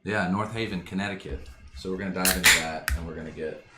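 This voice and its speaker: A man's voice: sits low, fast. A man hosting a casual podcast, joking around and reading out beer notes. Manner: joking, reads product notes aloud. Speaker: podcast host. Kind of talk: casual chat. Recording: echoey room, faint noise.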